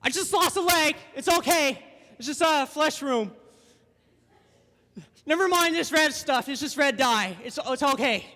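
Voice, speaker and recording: A young preacher voicing a man who cheerfully shrugs off a shark bite, talking high and loud. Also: animated, a little slow, pauses often, in a large hall, full character voice. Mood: breezy denial.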